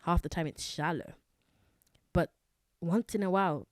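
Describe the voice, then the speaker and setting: Woman host, young, low voice, dry close sound, chatty with many fillers, casual solo podcast. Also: normal speed, pauses often, no echo.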